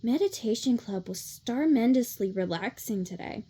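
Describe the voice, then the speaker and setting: A woman reading aloud voices a dreamy, sleepy teenage girl from a storybook, speaking in a languid, drawn-out way. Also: on the high side, mellow, lightly acted. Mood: drowsy.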